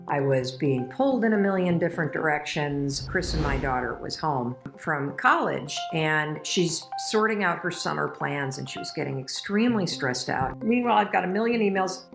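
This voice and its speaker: A middle-aged woman giving an emphatic, emotional motivational talk, speaking straight to her listeners. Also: low-pitched.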